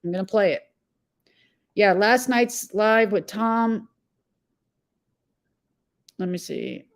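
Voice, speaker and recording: A woman's voice: mid-range voice, lively intonation, takes it slowly, gravelly. Agitated woman host on a live stream. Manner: agitated, blunt, talks to viewers by name; rambling with fillers and self-corrections. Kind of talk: casual live-stream commentary, reading chat.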